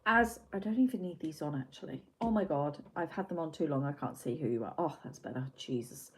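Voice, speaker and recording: A woman's voice: sits low, lively intonation, brisk, slight background noise. A woman with a Yorkshire accent chatting casually on a livestream from home, self-mocking and swearing freely. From England. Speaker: livestream host. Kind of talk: casual chat with live chat. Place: home room. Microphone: computer mic.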